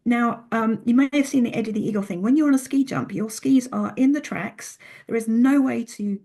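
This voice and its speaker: Husky woman telling a story. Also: fairly high pitch, fairly quick. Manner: animated storyteller, many restarts. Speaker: podcast guest. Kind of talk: casual interview talk.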